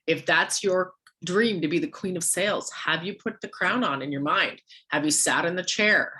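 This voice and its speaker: A woman rallies a sales team in a motivational coaching session, throwing rhetorical questions their way. Her voice is hoarse and exhausted, low-pitched, with a sharp edge.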